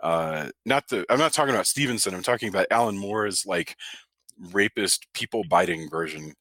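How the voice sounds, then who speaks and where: Bright-voiced man rambling about movies. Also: low voice, animated, moderate pace, dry recording. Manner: rambling, restarts often. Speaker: podcast co-host. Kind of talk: casual film review chat.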